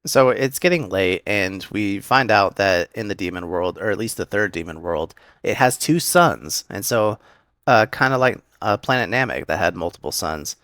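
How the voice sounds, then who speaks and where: A young man with a low voice talks through an anime episode in a loose, rambling way, full of fillers and quick asides. The sound is dry and close, with no room behind him. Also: lively intonation, a bit bright, no echo. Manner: rambling, filler-heavy retelling with quick acted quotes. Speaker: anime recap host. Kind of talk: casual episode breakdown.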